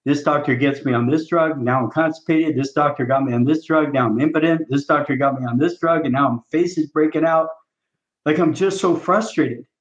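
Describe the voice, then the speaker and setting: A man's voice: a little high, a little fast, natural voice. A man playing a fed-up male patient. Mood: exasperated. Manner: exasperated complaining. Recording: roomy, dull lo-fi sound.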